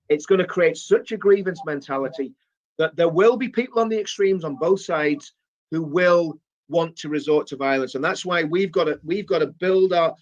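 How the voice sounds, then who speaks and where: A man with a northeast English accent talking politics earnestly, repeating phrases to build his point. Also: on the high side. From northeast England. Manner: earnest, repetitive, building emphasis. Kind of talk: political talk, earnest appeal. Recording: dull lo-fi clip.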